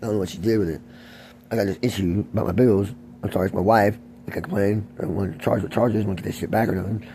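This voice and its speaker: Agitated man, fast profane rant, lowish voice. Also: fairly even intonation, mellow, slight background noise. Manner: rambling, heavily profane, agitated. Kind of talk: venting rant to camera.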